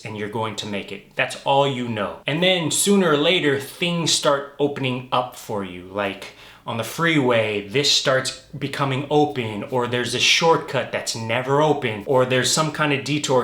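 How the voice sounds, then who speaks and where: An enthusiastic man chats to camera in a loose, easy way, leaning on "like" as he talks. His voice sits at an ordinary middle pitch. The room around him is noticeably echoey. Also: fairly bright tone. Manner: enthusiastic, loose and chatty, heavy on "like". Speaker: vlogger. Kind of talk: casual chat to camera. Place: lives in London.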